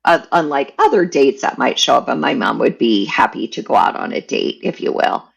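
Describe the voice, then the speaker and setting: A woman shares a personal family story in a candid, animated way. Her voice is heavily gravelly and husky, and her pitch rises and falls a lot. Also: a little fast, low-quality recording. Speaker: podcast guest.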